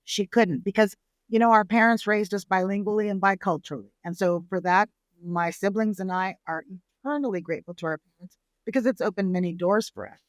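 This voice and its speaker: A woman's voice: medium pitch, fairly quick, no room sound. Chatty middle-aged woman telling family stories. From San Antonio, Texas. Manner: lively storyteller who acts out family quotes. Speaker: restaurateur guest. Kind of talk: casual storytelling interview.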